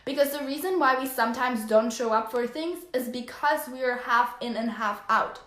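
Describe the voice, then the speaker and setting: A woman hosting a motivational live stream who reads viewers' comments. She speaks in a gushing, effusive way and is quick to tears. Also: a little high, fairly bright tone, reverberant. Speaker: life coach host.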